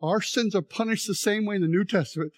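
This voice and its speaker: This middle-aged man's voice sits high and moves quickly as he preaches. He acts out voices in animated stories during a sermon with a live demonstration, straining on an injured leg.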